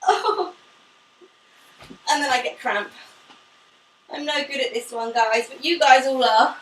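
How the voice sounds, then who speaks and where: Woman pilates teacher, high bright voice, echoey room off-mic, faint hiss, upbeat and short of breath. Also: a little slow, recorded from a distance. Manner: upbeat, demonstrating while talking, laughs often. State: slightly out of breath from exercising. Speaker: pilates instructor. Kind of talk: live online fitness class instruction.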